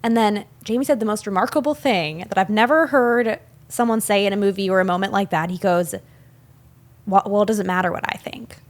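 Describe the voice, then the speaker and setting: Young woman on a film podcast, chatty, lots of likes and ums, medium pitch. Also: brisk. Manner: chatty, animated retelling with frequent fillers and laughs. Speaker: podcast co-host. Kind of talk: casual film discussion.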